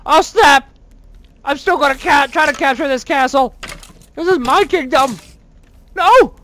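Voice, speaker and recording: A gamer commenting on their own play in a very high voice. They exclaim constantly, whine when things go wrong, and poke fun at their own mistakes. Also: normal speed, dry recording. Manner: excitable, exclaiming and whining at the game; self-mocking.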